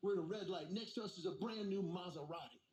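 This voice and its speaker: A man's voice: high-pitched, fast talker, darkish tone. Man telling jokes on a roomy stage. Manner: storytelling, acts out quoted voices, talks to audience. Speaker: stand-up comedian. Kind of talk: stand-up comedy set. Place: stage before a live audience.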